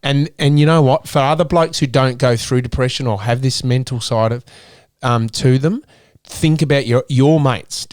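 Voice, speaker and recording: A man's voice: medium pitch, dry recording, clean studio sound. An Australian man in his thirties talking candidly and earnestly as an interview guest, often restarting his sentences. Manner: earnest, emotional, with many restarts.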